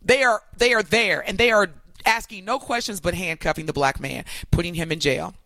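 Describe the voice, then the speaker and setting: Emphatic bright-voiced woman co-host. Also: fairly low pitch, normal speed, dry recording. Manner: emphatic, animated, repeats words when building a point. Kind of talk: opinionated talk show discussion.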